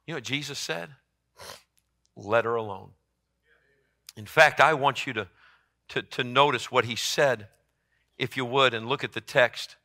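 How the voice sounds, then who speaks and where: Impassioned pastor, bright voice. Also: male voice, moderate pace. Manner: impassioned, rising to loud emphatic peaks then dropping low. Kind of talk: sermon.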